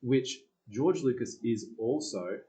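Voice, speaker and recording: A man's voice: mid-range voice, takes it slowly, dark tone, rough recording. A man with a New Zealand accent chatting casually about films on a podcast, rambling and restarting mid-thought. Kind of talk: casual film podcast chat.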